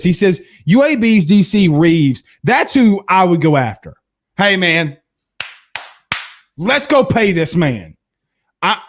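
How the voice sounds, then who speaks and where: A man hosting a live-stream sports talk show, reading viewer comments and giving blunt opinions. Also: high voice. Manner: blunt and opinionated, with frequent restarts and laughs.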